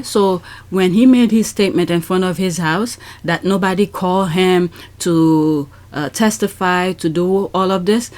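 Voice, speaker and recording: A woman's voice: fairly low pitch, a little mellow. Chatty woman reading tweets aloud. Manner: chatty, many fillers, reads aloud and comments. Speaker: commentary channel host.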